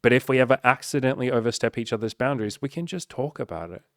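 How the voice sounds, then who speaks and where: A man's voice: medium pitch, quick pace, a bit bright, no echo, clean studio sound. Frank, swearing man. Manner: frank and profane, loose with filler words. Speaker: dating coach. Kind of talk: casual straight-to-camera talk.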